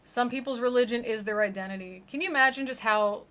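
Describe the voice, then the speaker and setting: A woman with a fairly high voice delivers sarcastic, incredulous comedic commentary on a gospel tract. Her manner is dry and mocking. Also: fast, fairly bright tone.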